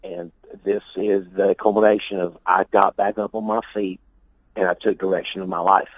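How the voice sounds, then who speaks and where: A man's voice: deep voice, little pitch movement, normal speed, no room sound, low-quality recording. A man being interviewed about his music, talking in a loose, rambling, profane way, often repeating himself and laughing. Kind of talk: casual interview talk.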